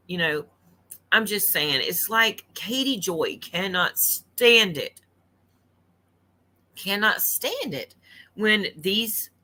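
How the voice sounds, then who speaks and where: Blunt woman ranting on a late night home livestream, bright sharp voice, keeps repeating her point. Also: sits low. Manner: indignant, blunt, repeats herself for emphasis. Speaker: livestream commentator. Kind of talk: opinionated commentary rant.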